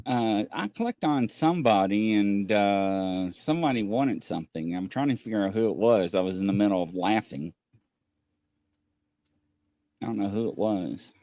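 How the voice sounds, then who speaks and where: A man with a lively, swooping voice chats casually on a livestream with a lilt, laughing and acting out little exchanges. The sound is dry and close, with no room echo. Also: normal speed, few pauses. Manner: animated, laughing, acts out quoted exchanges in a higher voice. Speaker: livestream co-host.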